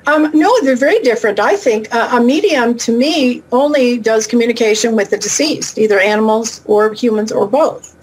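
Chatty down-to-earth woman, a bit high. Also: darkish tone, slightly rough, poor audio. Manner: chatty, down-to-earth, quick asides. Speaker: guest, animal intuitive and shaman. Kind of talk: casual interview talk. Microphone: remote call.

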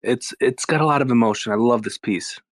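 A man's voice: mid-range voice, fairly quick, no room sound, studio quality, natural voice. A man putting on a pretentious male fine-art collector, gushing in a mock-posh way.

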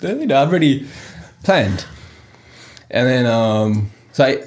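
A young man recounts a family story on a chatty podcast. His pitch jumps around a lot as he tells it, and he breaks into laughter often. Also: big pitch swings, measured pace, pauses often, darkish tone. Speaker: podcast host. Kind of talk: casual chat.

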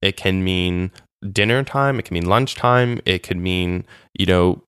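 A man with a low, smooth, resonant voice recounts his volunteer years in a relaxed interview. He talks in a chatty, animated way, full of fillers and restarts. The sound is dry and close, with no room around it. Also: a little slow, dry recording. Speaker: interview guest, former volunteer. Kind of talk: casual conversational interview.

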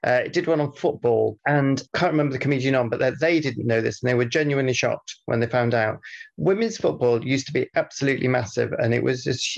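A man's voice: mid-range voice, vocal fry, lo-fi sound. A man co-hosting a podcast in casual chat, reading out listener feedback and rambling with many fillers and restarts. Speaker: podcast co-host.

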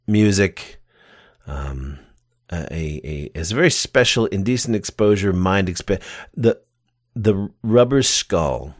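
A man with a low, deep voice hosts a podcast in relaxed conversation, rambling and enthusiastic as he talks. The sound is dry and close, with no room echo. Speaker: podcast host. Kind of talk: casual interview chat.

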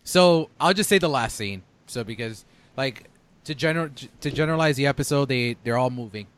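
A young man hosting a casual chat, telling things in an earnest, animated way. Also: mid-range voice, normal speed.

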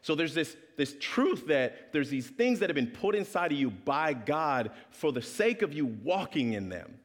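A man preaching in a church hall, telling a story with an animated, swooping delivery. He puts on voices for the people in the story, and the sound carries a long hall reverb. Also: fairly high pitch, moderate pace. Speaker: pastor. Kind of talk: storytelling sermon.

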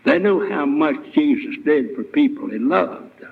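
A man's voice: on the high side, expressive, a little slow, gravelly, breathy edge. A man preaching a sermon as guest speaker, retelling scripture with emphatic rhetorical questions. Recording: tinny, phone-like lo-fi recording.

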